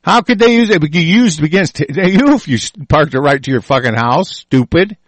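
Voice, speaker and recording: A man's voice: on the high side, lively intonation, brisk, dry recording. A man angrily ranting with constant swearing, reading news reports aloud and breaking in to attack them. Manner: profane, furious, reading news aloud and interrupting it. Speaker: commentator. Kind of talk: angry ranting commentary.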